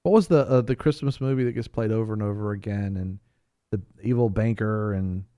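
A man with a mellow, warm voice chatting on a talk show panel. He tells rambling, animated stories, often restarting his sentences. The sound is dry and close. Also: lowish voice, fairly quick, smooth, dry recording. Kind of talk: casual chat.

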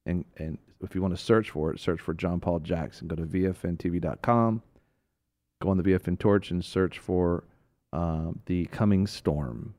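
Low-voiced male co-host, casual Bible teaching, animated and quick to laugh. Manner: animated storyteller, laughs often.

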